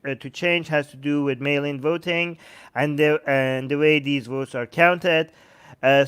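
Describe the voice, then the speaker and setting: High-voiced sarcastic man hosting a stream. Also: fairly bright tone, smooth. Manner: sarcastic, mocking impressions of others; reads news snippets aloud, reacts to viewer comments. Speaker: host. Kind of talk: live-stream commentary.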